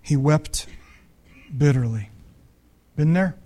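Speaking slowly in a fairly high, mellow voice, a male pastor gives a conversational sermon. He poses questions to his listeners and performs the voices of the biblical characters.

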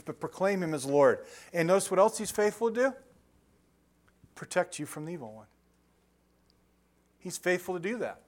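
Chatty joking preacher, a man. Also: a little high. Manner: conversational, joking, chuckles often, asks the congregation questions. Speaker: pastor. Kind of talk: sermon. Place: church sanctuary.

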